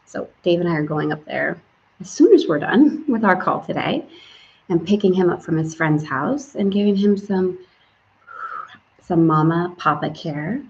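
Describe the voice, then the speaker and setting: A woman's voice: on the low side, moderate pace, gravelly, slight background noise. Chatty woman hosting a live stream. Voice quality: lively, chatty, sprinkling French greetings. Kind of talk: casual spiritual live stream. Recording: slightly dull stream audio.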